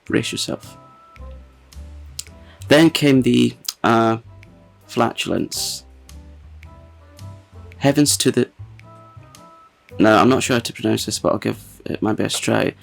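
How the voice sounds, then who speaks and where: A man's voice: lowish voice, moderate pace, creaky, soft background music. A man hosting his own channel, chatting casually and reading a funny review aloud, often breaking into giggles. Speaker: ASMR channel host.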